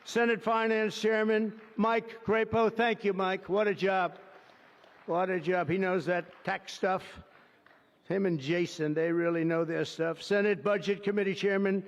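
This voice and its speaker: Rambling man with a high voice at a podium. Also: steady tone, a little slow. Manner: rambling, ad-libbed asides heavy with superlatives. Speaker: president addressing a signing ceremony. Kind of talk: off-the-cuff ceremonial speech. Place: outdoor ceremony through a public address system. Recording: dull lo-fi broadcast feed with long reverb.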